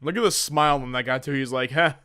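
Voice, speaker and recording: A man's voice: mid-range voice, fast talker, smooth. A young man reading and joking about internet memes in comedic commentary, often slipping into silly voices. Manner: animated, jumps into silly voices for jokes.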